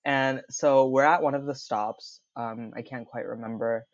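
A man's voice: mid-range voice, steady tone, measured pace, no room sound. A young man telling his own story in a casual interview, chatty and full of fillers, laughing often. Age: young adult. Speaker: interview guest. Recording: dull lo-fi recording.

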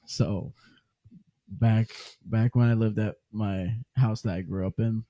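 A man's voice: lowish voice, steady tone, takes it slowly, mellow, no echo, highs cut off. A young man from Michigan in casual chat, telling a crude funny story with a joking manner. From Flint, Michigan. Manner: joking, crude, laughs often.

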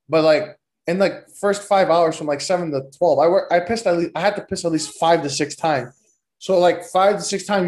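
A man's voice: a little high, darkish tone. A young man telling profane, rambling stories in a loose, joking, casual way as a podcast host. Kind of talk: casual storytelling.

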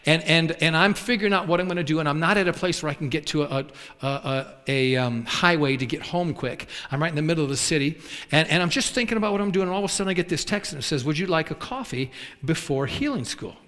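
A man preaching, telling folksy stories with lively acted quotes. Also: a little high, fast, in a large hall. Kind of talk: storytelling sermon.

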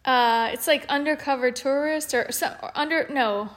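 A woman's voice: sits high, normal speed, fairly bright tone. A woman with a New Orleans accent, chatting casually and telling stories animatedly as a podcast co-host. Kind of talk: casual chat.

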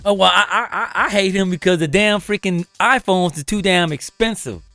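A man co-hosting a comedy podcast, chiming in with excitable, cursing interjections. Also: high-pitched, moderate pace, faint music behind. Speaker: podcast co-host. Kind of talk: casual comedic banter.

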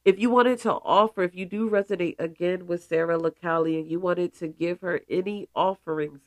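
A woman's voice: lowish voice, fairly even intonation, a little fast, no echo. A woman hosting a spiritual podcast in casual, emphatic talk with playful asides. She is stuffy and congested. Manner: emphatic, playful asides, calls listeners goddesses.

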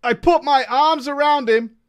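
A man's voice: extremely high pitch, a little slow. A man reading a story aloud to his viewers as a streamer, breaking off to swear, laugh and crack jokes to the boys.

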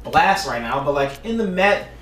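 A man's voice: fairly high pitch, sing-song, moderate pace, roomy sound, far from the mic, background noise. A man co-hosting a podcast, chatting emphatically and often laughing. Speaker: podcast co-host. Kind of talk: casual chat.

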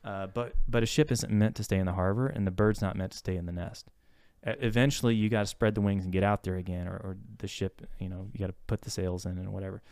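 Reflective man with a smooth voice. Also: low-pitched, steady tone, fast talker, darkish tone, no echo, studio quality. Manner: reflective and searching, circling back with restarts. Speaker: therapist and podcast co-host. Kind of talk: casual podcast conversation.

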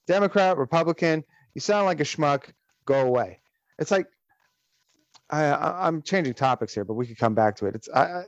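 A man's voice: a little high, no room sound, muffled recording. A man hosting a casual podcast chat, ranting animatedly and profanely with frequent restarts. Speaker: podcast host.

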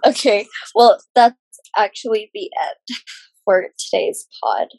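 A woman's voice: mid-range voice, slow, vocal fry, a little mellow, no room sound, low-quality recording. A young woman co-hosting a casual podcast, chatty and giggly, peppered with "like". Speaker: podcast co-host. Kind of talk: casual chat.

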